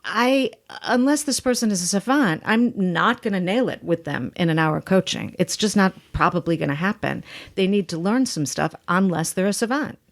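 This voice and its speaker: An emphatic woman coach who talks bluntly and with animation. She answers a podcast host in a lively, candid interview, pressing her points hard. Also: mid-range voice, moderate pace, few pauses. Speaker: acting coach, guest.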